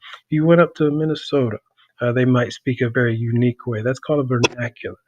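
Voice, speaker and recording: A man teaching a class through a podcast, talking casually with many pauses and fillers. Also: medium pitch, highs cut off, background noise. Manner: relaxed, many ums and uhs.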